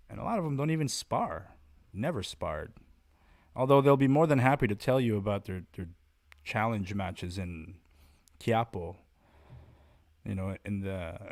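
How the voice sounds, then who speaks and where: A martial arts instructor hosts a casual podcast monologue in a blunt, profane, rambling, and animated way. He has a lowish voice.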